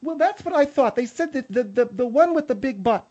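A woman's voice: high-pitched, expressive, fairly quick, a little mellow, husky, highs cut off. A woman giving a mock-serious, fussy, indignant comedic report, easily irritated.

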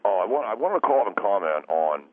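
A man's voice: lowish voice, big pitch swings, fast talker. A man playing a scatterbrained young caller who rambles, apologizes and loses his train of thought. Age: young adult. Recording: tinny phone line with faint hiss.

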